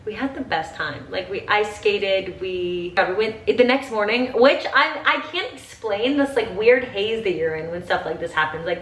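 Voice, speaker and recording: A woman's voice: medium pitch, fairly bright tone, slight background noise. Twenty-something girl gushing while getting ready, says like nonstop, bit teary, echoey room, mic kinda far. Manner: chatty, gushing, says "like" constantly. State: teary, crying at times. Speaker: vlogger. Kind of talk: get-ready-with-me chat.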